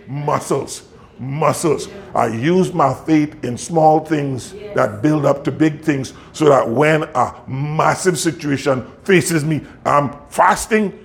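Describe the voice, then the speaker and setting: A man's voice: a little high, takes it slowly, vocal fry. Laughing storyteller man preaching. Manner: lively, laughs often, acts out quotes. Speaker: pastor. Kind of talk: sermon storytelling.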